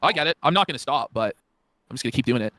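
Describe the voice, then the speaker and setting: Fast animated sarcastic man. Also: medium pitch, no echo. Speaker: stream co-host. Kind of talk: casual commentary chat.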